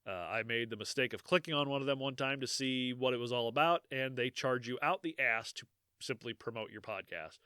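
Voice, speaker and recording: A man co-hosts a podcast, chatting casually and joking and laughing often. His mid-range voice is brisk, bright, forceful, clear, and resonant. The recording is dry, with clean studio sound.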